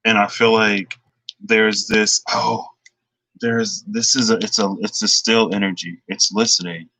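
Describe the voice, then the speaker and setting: A man talks through a tarot reading in a loose, chatty way, thinking aloud and drifting into lively retellings. His voice sits a little low but comes across bright and forceful. The sound is close and dry, with no room around it. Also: a little slow, no echo, low-quality recording. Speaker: tarot reader.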